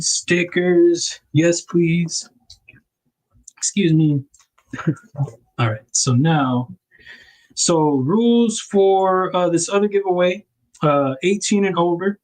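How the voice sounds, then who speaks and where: A man's voice: on the high side, a little mellow, poor audio. A man hosting a casual livestream, rambling and correcting himself with little laughs as he packs things up. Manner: narrates while packing items. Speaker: livestream host.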